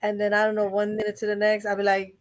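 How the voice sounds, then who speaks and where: A woman in casual conversation on a livestream, reacting with short responses and telling easygoing anecdotes. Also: mid-range voice. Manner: relaxed, quick back-channel responses and laughs. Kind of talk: casual chat.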